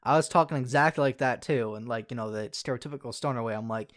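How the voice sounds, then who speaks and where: A young man tells a story for his vlog in a loose, rambling way, with lots of swearing and constant self-corrections. His voice sits at an ordinary pitch for a man, and he never settles on a sentence before he fixes it. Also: fast, fairly bright tone. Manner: rambling, swears a lot, corrects himself often. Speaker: YouTuber.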